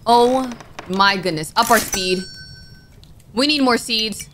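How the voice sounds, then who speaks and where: A woman's voice: a little high, takes it slowly, fairly bright tone, slight background noise. A woman giving let's-play commentary, jumpy and flustered. She keeps crying out in alarm and pleads with the game under pressure. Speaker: gaming YouTuber. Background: game music.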